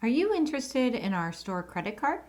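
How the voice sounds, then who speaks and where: Woman reading a courteous female receptionist with a fairly high voice, polite and friendly, for short lesson dialogues. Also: big pitch swings, normal speed.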